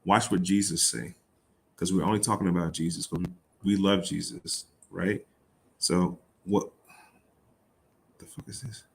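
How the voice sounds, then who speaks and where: A man's voice: deep voice, steady tone, normal speed, creaky. A man reading a Bible passage aloud and riffing on it in casual, irreverent talk, swearing and laughing. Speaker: host.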